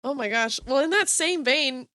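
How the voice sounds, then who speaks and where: A woman's voice: high voice, lively intonation, moderate pace, sharp tone, no echo. Chatty woman on a dry podcast mic. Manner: chatty, with frequent "um" and "just". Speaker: podcast co-host. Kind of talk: casual chat.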